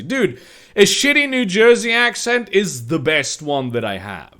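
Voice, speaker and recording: A man's voice: fairly high pitch, big pitch swings, normal speed, sharp tone, smooth. A man doing a mocking comedic reading of fan fiction, breaking off for sarcastic, incredulous asides. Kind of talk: mocking dramatic reading with commentary.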